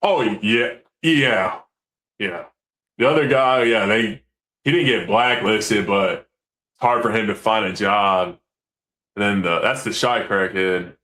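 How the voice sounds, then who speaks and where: A man, a commercial fisherman, telling stories in a casual, animated way, acting out quotes and swearing freely. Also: lowish voice, slow pace. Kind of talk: casual storytelling.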